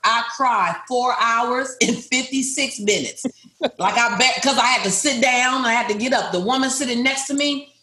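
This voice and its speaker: A woman's voice: on the high side, bright, forceful tone. A middle-aged woman, a business owner, telling a personal story to a group in an emphatic, repetitive way and speaking straight to her listeners. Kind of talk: motivational storytelling. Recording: roomy echo.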